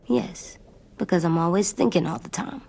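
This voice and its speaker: A woman's voice: on the low side, expressive, moderate pace, vocal fry, warm tone, slightly rough, heavily acted. A woman voicing an earnest, worried young boy survivor in a video game, asking blunt questions, over game music. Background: game score music.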